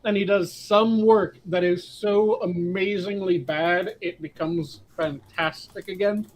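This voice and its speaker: A man with a slightly high voice chats on a podcast. He is blunt and terse and mostly answers with short agreements. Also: fairly even intonation, slow pace. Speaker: podcast co-host. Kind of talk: casual chat.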